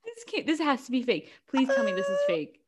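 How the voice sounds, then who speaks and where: A woman co-hosting a podcast, chatting casually and reacting with animated disbelief. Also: high voice, brisk. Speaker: podcast co-host. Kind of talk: casual chat.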